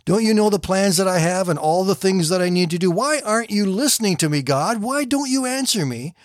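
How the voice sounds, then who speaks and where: A man's voice: high-pitched, animated, a little fast, no room sound, clean studio sound, voice pushed up. A man voicing a desperate shipwrecked preacher. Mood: pleading. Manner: pleading, rising and anguished.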